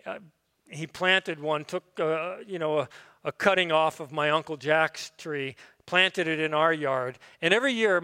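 A middle-aged man preaches from the pulpit in a relaxed, folksy way, his speech dotted with fillers and restarts. His voice sits a little high and rings bright. Long reverb from the church sanctuary trails behind each phrase. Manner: folksy, conversational with frequent fillers. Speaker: pastor. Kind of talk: sermon.

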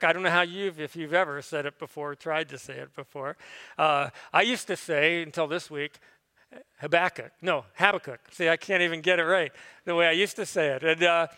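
Middle-aged male pastor, folksy sermon delivery, fairly high bright voice, long church reverb. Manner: folksy, conversational with frequent fillers. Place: church sanctuary.

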